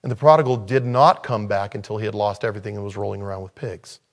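A man preaching a sermon in a conversational way, with sudden loud, high-pitched bursts of emphasis. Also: fairly even intonation, quick pace. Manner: conversational, thinking aloud. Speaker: pastor.

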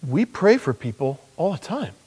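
Here a middle-aged pastor gives a sermon at a moderate pace, his slightly rough voice swinging widely in pitch. He tells it conversationally, like a story, chuckling at times and going hushed and low for prayers.

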